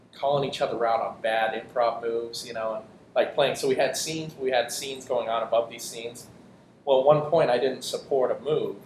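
A man who performs improv, chatting casually and telling stories with lots of restarts and jokes. His voice is of middling pitch. The room is echoey, with a faint low rumble behind him. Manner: quick, joking storyteller with many restarts. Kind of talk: casual interview chat.

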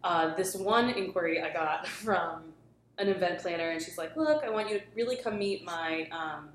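A woman's voice: on the low side, animated, moderate pace. A woman rambles through a work story on a casual podcast, piling up fillers and restarting her sentences. The room rings with some echo, and a faint hiss sits underneath. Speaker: guest telling a work story. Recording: roomy echo, faint background noise.

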